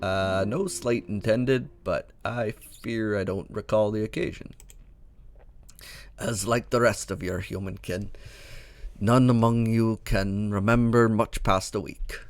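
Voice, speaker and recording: A man voicing a boastful old one-eyed male dwarf, reading video game dialogue aloud in an attempted Scottish brogue, gruff and chatty. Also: lowish voice, fairly even intonation, takes it slowly.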